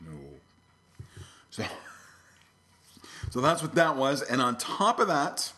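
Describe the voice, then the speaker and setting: A middle-aged man hosts his own podcast in a loose, casual way, circling back on himself and filling gaps with plenty of ums and uhs. His voice sits a little low. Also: fairly bright tone. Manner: rambling, many fillers and restarts. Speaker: podcast host. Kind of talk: casual solo podcast talk.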